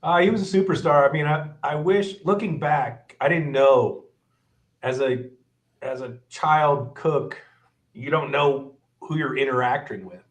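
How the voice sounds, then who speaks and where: A middle-aged man swapping kitchen war stories in loose, casual conversation. He swears constantly and slips into the voices of the chefs he remembers, keeping the talk lively. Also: on the high side, measured pace. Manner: profane, animated, acts out quoted chefs. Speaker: guest chef.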